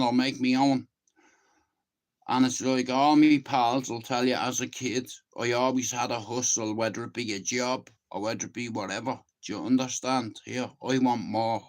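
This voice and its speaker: Around fifty and Irish, a channel host talks on his own in a laid-back yet insistent style. His voice sits in the mid range, and he swears often while checking in on whether the listener gets it.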